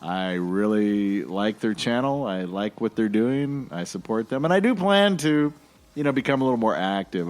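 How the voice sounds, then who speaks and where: A man's voice: on the low side, darkish tone. A man hosting a podcast alone, talking in a casual, jokey and rambling way. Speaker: podcast host.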